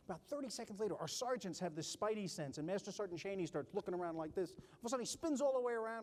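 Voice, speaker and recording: A middle-aged man and army officer giving a keynote leadership speech, telling stories in an animated way and acting out other people's voices. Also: sits high, rapid-fire, hardly any pauses. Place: large conference hall. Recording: long hall reverb.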